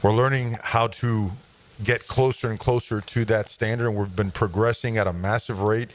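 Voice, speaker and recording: A fairly low-voiced man talks football with conviction, driving home each point and tossing in "man" as he goes. He is a head coach appearing as a radio guest, and faint noise hums under the line. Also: steady tone, moderate pace. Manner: intense, emphatic, punctuated with "man". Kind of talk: radio interview.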